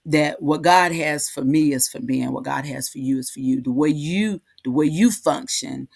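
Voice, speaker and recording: A woman hosting a heartfelt, casual talk, halting and repeating herself, often asking "right?". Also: deep voice, creaky, a little mellow, husky, no echo, clean studio sound. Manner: halting, repeats words, frequent "right?" tags. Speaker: host.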